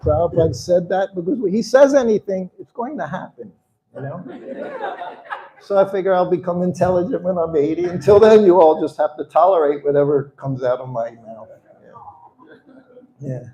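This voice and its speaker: A man's voice: sits high, normal speed, dark tone, roomy sound, dull audio. A man in his seventies, a guest speaker telling personal stories with frequent chuckles. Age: 70s. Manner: chuckles often while telling anecdotes. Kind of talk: storytelling talk.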